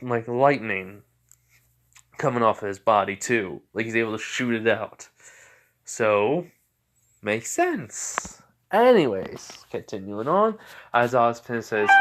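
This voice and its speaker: A man's voice: fairly low pitch, normal speed, a bit bright. Rambling young man telling a fan story. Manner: rambling, many fillers like "you know" and "he's like". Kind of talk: casual improvised storytelling.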